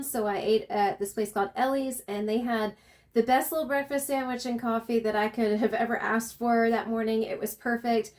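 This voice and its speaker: A woman's voice: fairly high pitch, fairly even intonation, moderate pace, a little mellow. A woman with a Southern accent, chatting casually as a travel vlogger and telling a long story with lots of fillers and restarts.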